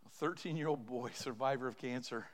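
A man's voice: medium pitch, a little fast, big-room sound. A man preaching an impassioned sermon as pastor, building to fervent cries. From Canada. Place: church sanctuary.

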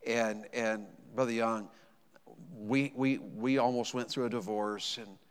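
A man preaching a sermon, moving between hushed storytelling and loud, emphatic proclamation. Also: mid-range voice, fairly even intonation, a little slow, smooth. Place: large church hall. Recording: long reverb of a large hall.

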